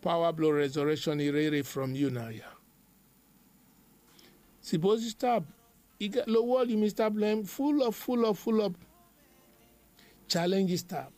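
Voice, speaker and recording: A man's voice: high-pitched, measured pace, long pauses, darkish tone, faint music behind. A man delivering a devotional sermon, emphatic and repetitive in a chanting preaching rhythm.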